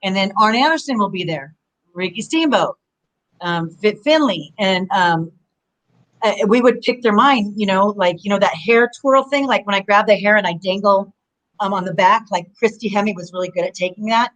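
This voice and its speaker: A woman in her forties talks as an interview guest in a middle-pitched voice. She rambles through animated stories and leans on "you know" as she goes. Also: moderate pace, poor audio. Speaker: guest, former pro wrestler. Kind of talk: casual interview storytelling.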